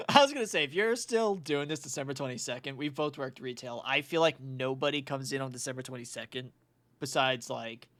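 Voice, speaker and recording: A young man co-hosts a podcast, chatting casually while laughing and swearing freely. His medium-pitched voice is brisk and fairly bright, with no echo.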